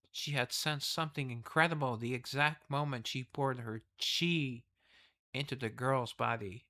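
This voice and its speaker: A man's voice: medium pitch, bright, forceful tone. A man casually reading a game's story aloud and rambling through asides and self-corrections. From the West. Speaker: game streamer reading the story.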